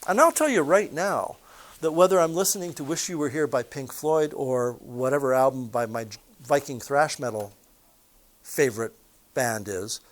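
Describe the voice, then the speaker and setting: A man teaching a physics lesson in a chatty way, putting questions to his listeners and adding personal stories. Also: medium pitch. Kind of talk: recorded classroom lesson.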